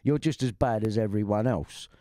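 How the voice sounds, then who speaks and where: A man's voice: on the low side, normal speed, mellow, no room sound, clean studio sound. A man ranting angrily at an online critic, confrontational and profane, circling back to the same points. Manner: confrontational, profane, repeats himself. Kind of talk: angry online rant.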